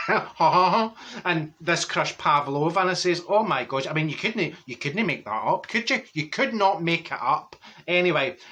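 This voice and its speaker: A man's voice: fairly high pitch, pushed and bright. A man playing a gossiping middle-aged Glasgow woman with a Glaswegian accent, telling rambling comic stories with lots of exclamations. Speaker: comedy character monologue. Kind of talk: comic character storytelling.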